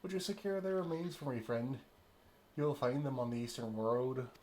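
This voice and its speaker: A man voicing a stern male camp leader from a game, reading formal old-fashioned lines in a vague made-up accent, with pauses and fillers, music playing behind. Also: mid-range voice, darkish tone, a little hiss or hum, lightly acted. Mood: solemn.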